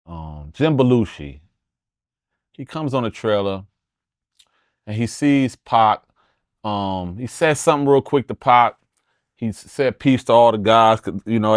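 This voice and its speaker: A man's voice: fairly low pitch, dry recording, clean studio sound. A middle-aged man telling a long story as an interview guest, profane and emphatic, often restarting his sentences. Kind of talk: animated storytelling.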